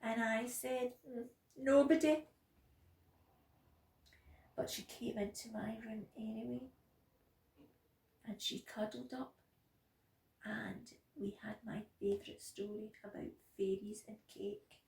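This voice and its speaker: A nursery worker reads a picture book aloud, slow and gentle, in a fairly high, gravelly voice. The sound rings off the walls of an echoey room. The mic is set well back from her. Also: recorded from a distance. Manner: gentle, expressive, slow and clear for young children. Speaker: nursery practitioner. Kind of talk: children's story reading.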